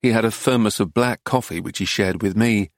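A man reading a travel narrative aloud in a measured, unhurried audiobook style on a close mic. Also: lowish voice, no echo. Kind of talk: scripted narration.

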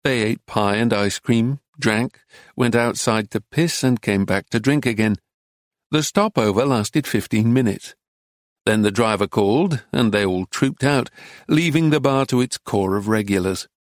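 A man reading an audiobook in a measured, understated, dry manner. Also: fairly low pitch, no echo. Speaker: narrator. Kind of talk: scripted audiobook narration.

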